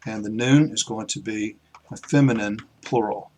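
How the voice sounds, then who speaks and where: A man teaching a recorded lecture, explaining patiently with pauses and small restarts as he writes. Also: on the low side, dark tone, slight background noise.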